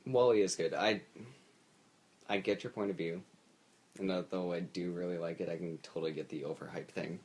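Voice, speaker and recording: Young male podcast co-host, very low voice, laid-back and halting, casual chat. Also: steady tone, darkish tone, slight background noise. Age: young adult. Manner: laid-back, hesitant, searching for words.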